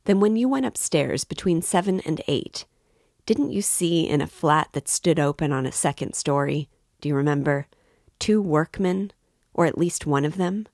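A woman's voice: low-pitched, expressive, normal speed, darkish tone, dry recording, clean studio sound. A woman reading an audiobook voices an affable, prying older male magistrate who talks with excessive politeness. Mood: amiable probing. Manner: overly polite, familiar, insinuating.

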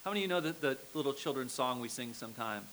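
A man's voice: medium pitch, animated, racing, a bit bright, slight background noise, poor audio. A male pastor preaching a sermon in a conversational way, often checking in with the congregation. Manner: conversational, checks in with "okay?" and "right?".

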